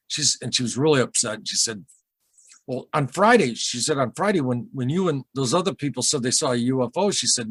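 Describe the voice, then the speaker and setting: Husky man telling a rambling story. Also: mid-range voice, fairly bright tone, no echo. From Michigan, USA. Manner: rambling, halting, with many repeated starts and asides. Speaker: interview guest recounting a UFO encounter. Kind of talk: emotional storytelling in a casual interview.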